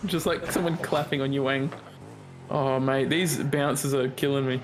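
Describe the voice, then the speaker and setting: A man giving excited, joking commentary while playing a game with a friend, throwing in mock-British slang. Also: mid-range voice, moderate pace, very noisy. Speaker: gamer streaming with a friend.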